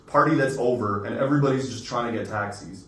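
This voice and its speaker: A man's voice: medium pitch, quick pace. A man telling a rambling, profane anecdote as a podcast co-host, recorded in a casual chat. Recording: echoey room, distant mic, faint noise.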